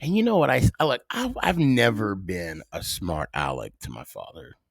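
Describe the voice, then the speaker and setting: A middle-aged man hosting a casual solo podcast, telling stories with dramatic pauses. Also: lowish voice, gravelly, husky, dry recording, clean studio sound. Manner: animated storyteller with dramatic pauses. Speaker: podcast host.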